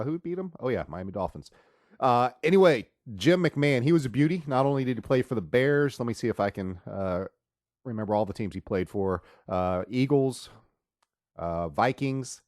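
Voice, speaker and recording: A man's voice: fairly low pitch, no echo, studio quality. Man hosting a rambling sports podcast. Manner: loud, drawn-out show opening; joking, rambling storyteller. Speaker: podcast host. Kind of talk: casual sports monologue.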